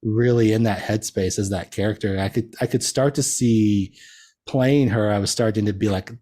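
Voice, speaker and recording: A man's voice: fairly low pitch, fairly even intonation, moderate pace, mellow. A man talking as a podcast guest in casual chat. He rambles, uses many fillers and laughs often.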